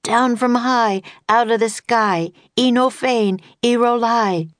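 A woman reading an audiobook voices a brave, anxious young boy who shouts urgently. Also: on the high side, slow pace, no echo, pitched above the performer's own voice.

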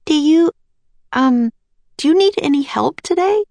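A woman reading aloud, voicing an eager, excited little girl in a storybook. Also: high voice, a little slow, dry recording, pitched above the performer's own voice.

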